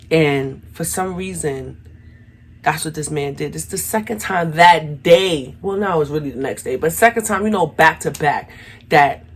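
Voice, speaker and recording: A woman's voice: low-pitched, slight background noise. A young adult woman telling a personal story to her viewers in a casual, chatty way, often calling them y'all. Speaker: vlogger.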